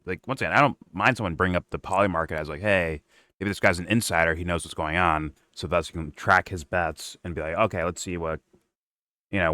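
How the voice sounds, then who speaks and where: Deep-voiced male reaction host, blunt and foul-mouthed, close dry mic. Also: pushed and bright, no echo. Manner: blunt, profane, mocking. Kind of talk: casual profane reaction chat.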